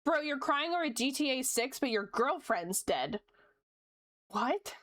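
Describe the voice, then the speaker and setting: A woman's voice: high voice, very animated, measured pace, a bit bright. A young woman streamer chatting casually while she draws, reading chat aloud, laughing often and swearing freely.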